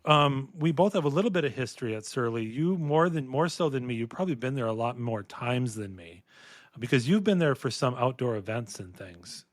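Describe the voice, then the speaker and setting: A man co-hosting a casual beer-tasting podcast, talking in a relaxed, rambling way with fillers and restarts. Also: medium pitch, a little fast, dry recording, clean studio sound. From Minnesota. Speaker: podcast co-host. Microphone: podcast microphone.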